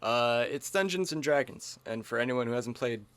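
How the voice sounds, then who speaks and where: A man's voice: mid-range voice, expressive, moderate pace, over a noisy crowd. A man co-hosting a podcast in casual, joking chat, riffing and laughing often. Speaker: podcast co-host.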